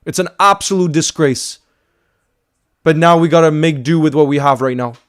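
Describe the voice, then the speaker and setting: A man hosting a live fan watchalong, calling the play, repeating himself, and swinging between frustration and shouting. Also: on the high side, normal speed, smooth. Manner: emotional, swings from frustrated to screaming excitement; calls play by play, repeats phrases.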